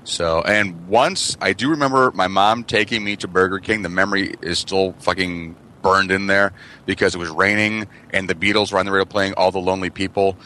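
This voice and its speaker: Fast-talking deep-voiced man telling stories. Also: fairly even intonation, pushed and bright, slight background noise. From American Midwest. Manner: profane, storytelling with acted-out quotes. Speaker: podcast co-host. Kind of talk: casual chat.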